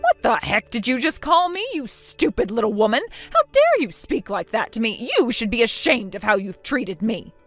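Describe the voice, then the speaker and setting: A synthetic woman's voice playing a spiteful, bossy older mother-in-law in a text-chat story, scolding with contempt and a lively pitch. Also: normal speed, few pauses, faint music behind. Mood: scornful.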